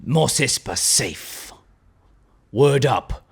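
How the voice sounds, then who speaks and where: An Australian man putting on the voice of a gruff, weary male bounty hunter, low and hushed with a growl. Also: expressive, very slow, full character voice.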